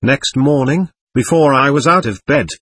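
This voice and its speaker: A man narrating an audiobook in measured first-person storytelling. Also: mid-range voice, fairly bright tone, slightly rough, dry recording. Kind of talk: scripted narration.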